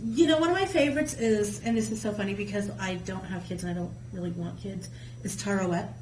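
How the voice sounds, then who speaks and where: A woman guest telling myths in casual, colloquial chat, with a lively storyteller's manner. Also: mid-range voice, brisk. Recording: echoey room with faint hum.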